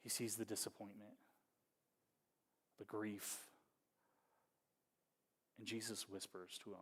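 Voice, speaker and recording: A man preaching a sermon as pastor, talking in a conversational, wry way that moves between hushed storytelling and animated bursts. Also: lowish voice, takes it slowly, pauses often, husky, long reverb tail. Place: church hall.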